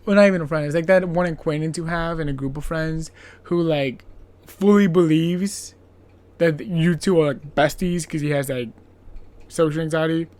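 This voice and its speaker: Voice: medium pitch, moderate pace, darkish tone. A podcast host recapping an old film's plot in a casual, rambling way, full of filler words and playful sarcasm. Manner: playfully sarcastic, laughs at own jokes.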